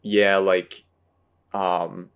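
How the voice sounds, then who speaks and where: A man's voice: sits low, level tone, very slow, smooth. A man in casual movie talk, rambling and searching for words with many fillers. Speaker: podcast host.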